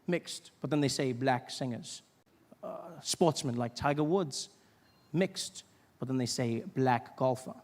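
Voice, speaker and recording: A middle-aged man with a South African accent doing a stand-up routine, telling stories with quick asides and impressions. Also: mid-range voice, darkish tone. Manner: storytelling with quick asides and mimicry. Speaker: stand-up comedian. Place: theater stage. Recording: reverberant live theater recording, faint noise.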